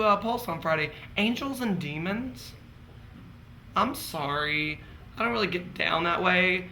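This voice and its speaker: A man's voice: sits high, creaky, bright, forceful tone, a little hiss or hum, rough recording. A man telling candid, campy stories to friends as a casual vlog, laughing often. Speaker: vlogger. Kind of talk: casual gossipy storytelling.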